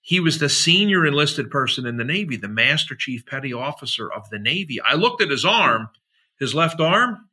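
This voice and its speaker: A man's voice: a little high, sing-song, normal speed, pushed and bright, husky. A middle-aged man, a podcast guest, telling rambling stories in a chatty, slangy way, full of fillers and acted-out quotes. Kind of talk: rambling anecdotal storytelling.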